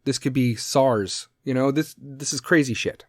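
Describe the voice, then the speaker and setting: A man's voice: mid-range voice, normal speed, no echo, clean studio sound. A man hosting a solo podcast, talking bluntly and sarcastically and swearing constantly. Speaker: podcast host. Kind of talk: profane solo podcast rant.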